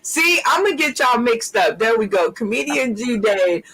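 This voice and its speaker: A man's voice: extremely high pitch, very animated, normal speed, bright, forceful tone, rough recording. A man hosting an online comedy show over video call, laughing and calling out to the audience like an emcee. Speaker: host.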